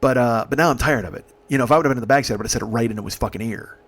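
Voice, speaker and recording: A man's voice: medium pitch, very fast, a bit bright. Exasperated, profane male comic storyteller. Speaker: comedian. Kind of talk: comedic storytelling.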